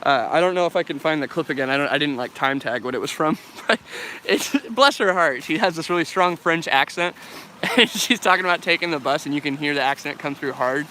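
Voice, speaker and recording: A young man from the United States, talking loosely as he walks through the woods and answers his viewers, often swearing and laughing. His voice sits a little high and sounds bright and forward. A faint hiss of outdoor noise runs behind him. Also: brisk. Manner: laid-back, swears often, laughs a lot. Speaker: vlogger answering live chat. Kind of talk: casual live-stream chat while walking. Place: outdoors in a forest by a loud river.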